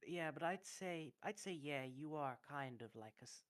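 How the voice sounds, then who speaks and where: A tabletop game player chatting in character, halting and restarting, adding stage directions. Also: mid-range voice, expressive. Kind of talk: casual in-character chat over voice call.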